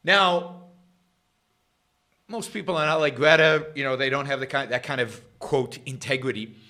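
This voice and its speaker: A middle-aged man hosting a political talk livestream, sarcastic and rambling, jumping between loud emphasis and quiet muttered asides. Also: mid-range voice, moderate pace. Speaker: host of a political talk show. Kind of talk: livestream commentary.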